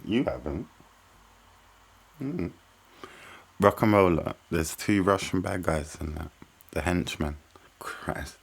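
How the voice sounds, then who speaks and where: A man's voice: sits low, expressive, slow pace, creaky, long pauses, husky. A man hosting a reaction video, offering musing offhand remarks after a clip. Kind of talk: casual reaction commentary.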